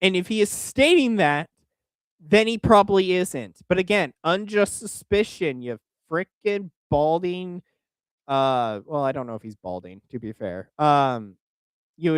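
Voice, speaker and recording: A young man from Oklahoma reacts to a video on stream, his fairly high, smooth, sing-song voice swooping all over. He talks crudely and with exasperation at an unhurried pace, stumbling over restarts in casual commentary. The recording is dry and close with no room sound.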